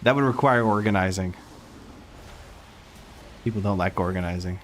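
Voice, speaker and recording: A man's voice: deep voice, moderate pace, slight background noise. A young man chatting casually while streaming a game, reading and answering chat with frequent laughter.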